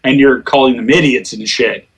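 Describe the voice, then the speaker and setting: Husky, swearing male gamer telling stories. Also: mid-range voice, moderate pace. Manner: profane, laughing storyteller who acts out quotes. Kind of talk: casual gaming chat.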